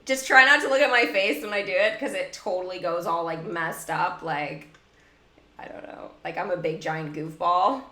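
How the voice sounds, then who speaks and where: A woman's voice: on the low side, moderate pace, pushed and bright. Giggly, chatty woman streamer, echoey room. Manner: chatty, giggly, heavy use of "like". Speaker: mobile game livestreamer. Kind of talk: casual gameplay livestream chat.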